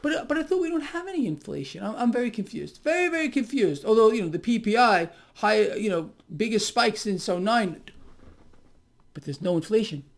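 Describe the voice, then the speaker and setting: A man's voice: high voice, sing-song, brisk, gravelly. A man giving solo financial commentary in a mocking, sarcastic tone, often breaking into exclamations.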